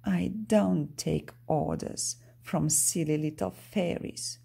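A woman's voice: deep voice, fairly even intonation, slow, creaky, dark tone, breathy edge, full character voice. A woman reading aloud, voicing a cruel, gloating male winter villain from a storybook in a bossy, mocking way. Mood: sneering.

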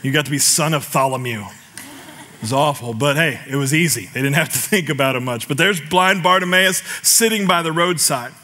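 A middle-aged American man preaching a lively, joking sermon that builds to shouts. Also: on the high side, moderate pace. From United States. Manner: animated, jokey, shouts scripture cries. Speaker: pastor.

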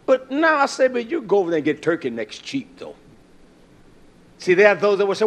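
A man's voice: sits high, big pitch swings, fairly quick, breathy edge. A man preaching a sermon, telling folksy stories and acting out the quoted dialogue.

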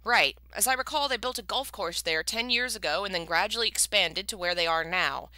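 A woman's voice: medium pitch, brisk, bright, forceful tone, no echo, close to an everyday voice. A woman reading a book aloud and voicing a desperate man who pleads urgently for his family's lives.

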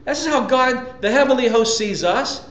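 A man's voice: very high-pitched, normal speed, a bit bright, reverberant. A man preaching a sermon as a pastor, talking conversationally with emphatic repetitions and rhetorical questions to his listeners.

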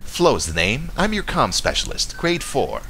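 A man voicing a dry female starship communications officer in a raised falsetto. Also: huge pitch swings, unhurried, sharp tone, soft background music, full character voice.

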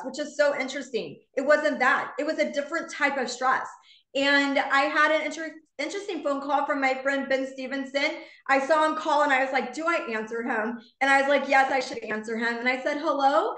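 A woman's voice: high-pitched, steady tone, fairly quick, pushed and bright, reverberant. A woman in her fifties telling an earnest, heartfelt personal story to a live online audience. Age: 50s. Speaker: founder speaking to her business community.

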